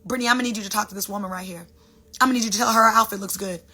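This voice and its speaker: A woman voicing God, calm and matter-of-fact, giving direct instructions in a lower, softer tone. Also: moderate pace, breathy edge. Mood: instructing.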